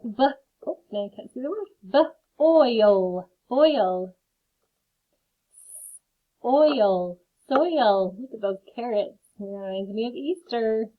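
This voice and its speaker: Taking her time, a woman with a higher-pitched voice and lively intonation teaches phonics to young kids. She carefully sounds out words and chats warmly between them, and the audio is lo-fi and phone-like.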